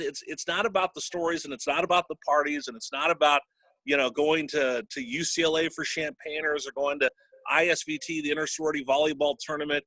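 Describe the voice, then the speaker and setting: In this low-quality, echo-free recording, a sports broadcaster shares personal stories during an interview. His fairly high voice is bright and forceful, and he gets emotional, choking up at moments.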